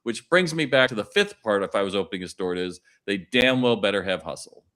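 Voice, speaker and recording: Lively low-voiced storytelling man. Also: fast talker. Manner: animated storyteller acting out dialogue. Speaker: retail consultant and keynote speaker. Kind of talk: podcast guest chat.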